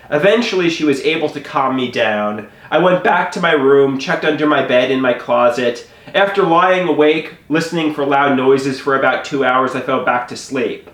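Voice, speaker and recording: A man telling a personal story to the camera in an animated way, often stammering and restarting his sentences. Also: medium pitch, normal speed, hardly any pauses, roomy sound.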